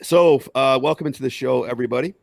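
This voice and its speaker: Man, podcast host, casual joking chat, gravelly, dry sound. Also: mid-range voice, fast talker, a little mellow, no room sound. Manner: jokey, riffing, rambling.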